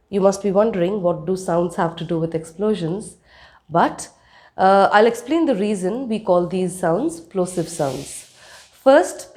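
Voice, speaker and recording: A woman's voice: mid-range voice, darkish tone. A woman teaching a spoken lesson, demonstrating sounds and checking in with her listeners. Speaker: accent coach.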